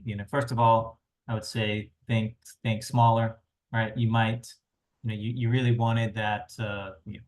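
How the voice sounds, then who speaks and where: A man hosting a webinar, giving advice in a relaxed way that leans on "you know" and "right?". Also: fairly low pitch. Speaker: webinar host. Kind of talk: casual webinar presentation.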